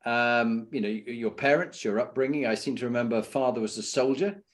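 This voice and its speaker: A man's voice: medium pitch, fairly quick. Middle-aged uk podcast host, average voice, meanders thru his questions with lots of ums. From United Kingdom. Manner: rambling, supportive questions with many fillers and restarts. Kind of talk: interview conversation.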